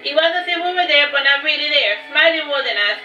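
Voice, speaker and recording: Bright-voiced woman reading a fantasy story. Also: high-pitched, animated, fast talker. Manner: plain storytelling read with small stumbles and repeats. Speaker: author reading her own novel. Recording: distant, roomy, dull, faint music.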